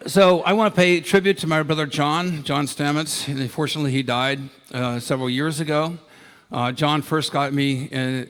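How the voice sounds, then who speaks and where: Man in his sixties from Ohio, conference speaker, chatty anecdotal storyteller, mid-pitched. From Ohio, United States. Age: 60s. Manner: anecdotal, enthusiastic, with many fillers. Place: conference ballroom.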